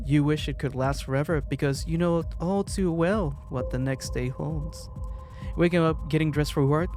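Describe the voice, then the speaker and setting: Guy reading a game out loud, kinda high voice, jokes and trips on words, quiet music under it. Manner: joking asides, laughs and stumbles over words. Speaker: player reading a visual novel aloud. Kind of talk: casual read-aloud narration of a game.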